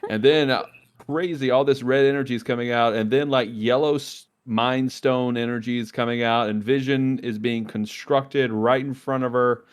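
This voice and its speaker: A man's voice: medium pitch, normal speed, clean tone. A man on a podcast, recapping a TV episode in casual chat and acting out the characters' lines as he goes. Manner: animated, acts out characters' lines while retelling scenes. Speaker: podcast co-host.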